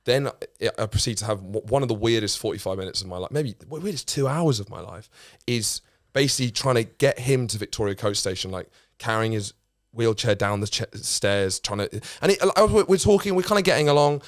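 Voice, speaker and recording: Male comedian, low voice, rambling anecdote, dry close sound. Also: expressive, brisk, few pauses, no echo. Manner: rambling, restarts, swears freely. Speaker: comedian guest. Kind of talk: casual anecdote telling.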